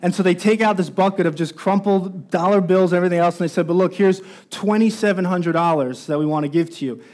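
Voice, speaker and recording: A man's voice: sits high, fast, darkish tone. A man preaching a sermon as pastor, telling a story and growing more intense as it builds. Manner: storytelling, rising intensity at climaxes.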